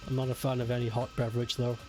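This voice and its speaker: A man's voice: medium pitch, completely flat delivery, very fast. A young British man streaming a game, chatting with viewers, joking and swearing casually. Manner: chatty, swearing, laughing with chat. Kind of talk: casual gameplay commentary. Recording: game music behind. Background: game music.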